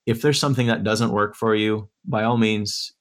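Speaking at normal speed in a voice on the low side with fairly even intonation, a man being interviewed as an author and educator works through his points in order. The talk is a conversational interview in the Durham area, and his manner is earnest and thoughtful.

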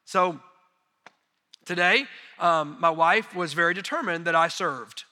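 A middle-aged man preaching as a missionary, telling folksy, self-deprecating stories in an animated way. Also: on the high side, measured pace. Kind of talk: sermon storytelling. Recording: long reverb of a large hall.

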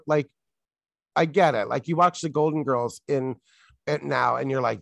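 A man's voice: a little high, normal speed, gravelly, no echo, clean studio sound. A man in a casual chat, wry and sarcastic, with plenty of jokes.

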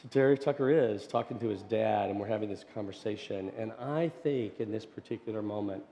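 A man preaching a sermon as pastor, telling a family story and swinging from loud, animated passages to hushed, gentle ones. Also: on the low side, a little fast. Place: church sanctuary. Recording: long hall reverb.

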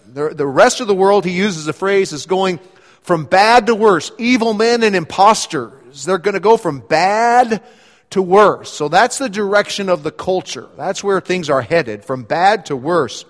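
A man preaching a sermon as a pastor, explaining scripture with animated emphasis and voicing quoted lines with rising energy. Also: sits high, a little slow, in a large hall.

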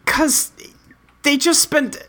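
A woman's voice: high-pitched, steady tone, takes it slowly, bright, forceful tone. A woman co-hosting a podcast, chatting candidly and opinionated, with casual swearing. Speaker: podcast co-host. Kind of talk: casual chat.

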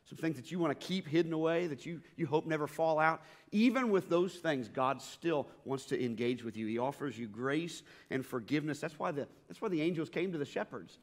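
A man's voice: a little high, lively intonation, a little fast, few pauses. A middle-aged man preaching a sermon as pastor, telling stories earnestly and repeating his key phrases for emphasis. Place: church sanctuary. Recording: reverberant church hall.

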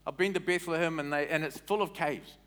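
Animated pastor, slightly high voice. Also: male voice, a little fast. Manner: animated and conversational, quizzing the congregation. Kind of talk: sermon.

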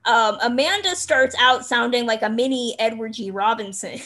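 A woman's voice: a little high, normal speed, sharp tone. A woman co-hosting a casual film podcast, chatty and rambling with lots of fillers. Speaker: podcast co-host.

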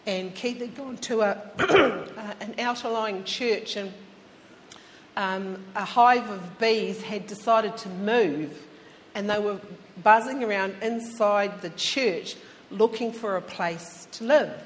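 A woman's voice: medium pitch, slow pace. A woman preaching a sermon in a chatty storytelling way, speaking straight to her listeners. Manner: chatty, addresses listeners directly. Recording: long hall reverb, faint background hum.

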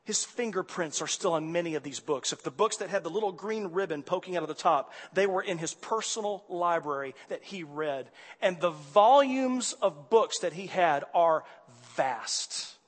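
Male pastor, sermon storytelling, high voice, long hall reverb, animated. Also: moderate pace, few pauses. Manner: animated, swings from quiet to loud exasperation.

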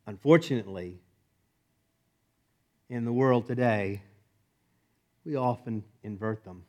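A middle-aged man preaching a sermon as pastor, swinging from loud emphatic commands to soft, hushed lines and laughing often. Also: medium pitch, expressive, normal speed, long pauses.

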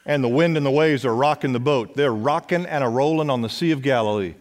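A man preaching a sermon as pastor, urging his congregation to respond and dropping at times to a hush. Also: medium pitch, a little fast. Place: church sanctuary. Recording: long church hall reverb.

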